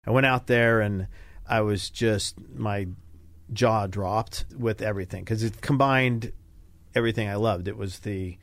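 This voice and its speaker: Older man, gravelly low voice, dry close sound, animated storyteller. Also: measured pace, no room sound. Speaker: podcast guest, retired Navy fighter pilot. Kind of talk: casual storytelling interview.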